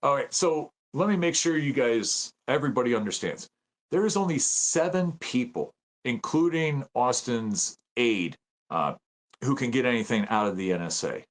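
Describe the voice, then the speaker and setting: A man in his fifties from the United States, a guest telling stories in a casual interview, excitable and acting out the voices he quotes. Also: medium pitch, moderate pace. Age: 50s. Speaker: podcast guest, veteran and citizen journalist.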